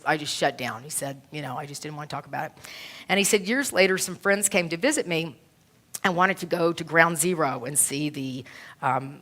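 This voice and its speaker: A woman's voice: sits low, fairly bright tone. A woman minister giving a sermon in a church, retelling a story with earnest, emotional storytelling.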